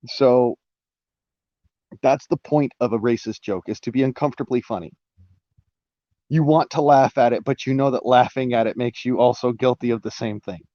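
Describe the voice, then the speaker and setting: A man speaks in a casual live-stream monologue at an ordinary middle pitch, wandering through his point with fillers, restarts and the odd curse. The sound is dry and close, with a slightly dull, lo-fi edge from the mic. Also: steady tone, normal speed, mellow, dry recording. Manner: rambling, many restarts and fillers, swearing.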